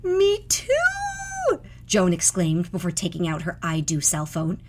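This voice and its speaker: A woman narrating a scripted story in an expressive, unhurried way. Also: sits low, background noise.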